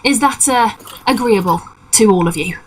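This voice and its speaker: A woman voicing an excitable young male halfling pirate who greets guests theatrically. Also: moderate pace, slight background noise, natural voice, poor audio. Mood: wheedling. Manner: eager, theatrical, hops between high exclamations.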